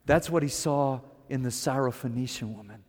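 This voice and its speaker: A man preaching a dramatic first-person sermon, telling the story in character and moving from hushed to loud, animated delivery. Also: mid-range voice, moderate pace, in a large hall. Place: room with an audience.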